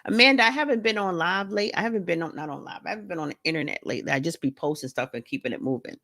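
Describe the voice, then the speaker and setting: Streaming casually from home, a woman who hosts livestreams and writes books chats with viewers, greets them by name, and jokes around. She speaks in a low-pitched, fairly bright voice, animated and racing along.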